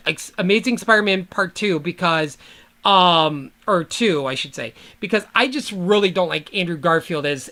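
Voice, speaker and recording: A podcast host talks alone in a loose, rambling monologue, swearing freely and drifting off topic. The voice is bright and forceful. The delivery is a casual fan rant rather than a prepared script. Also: medium pitch.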